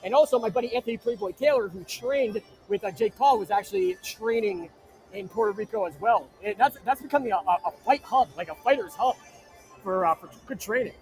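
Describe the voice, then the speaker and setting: A man from New Jersey hosts a live chat stream from inside an arena, his voice pitched unusually high. He reads viewer comments and trades crude, brash jokes with them. Faint music plays underneath. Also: fairly quick. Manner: brash, crude joking shout-outs. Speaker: livestream host.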